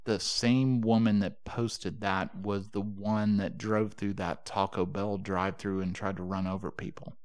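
A man's voice: on the low side, flat delivery, a little slow, hardly any pauses. A man co-hosting a podcast, joking and riffing in casual chat. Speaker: podcast co-host.

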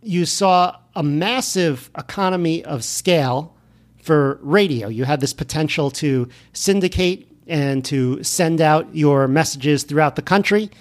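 A man hosting a solo podcast, talking in a loose conversational way with frequent fillers and self-corrections. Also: on the high side. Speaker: podcast host.

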